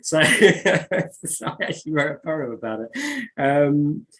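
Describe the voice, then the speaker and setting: A man chats about his writing in a halting way, full of ums and restarts. Then he reads his own poems aloud with measured care. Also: on the high side, big pitch swings, fairly bright tone, rough recording. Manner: hesitant, many fillers and restarts. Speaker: poet and author. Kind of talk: conversational interview, reading poetry aloud.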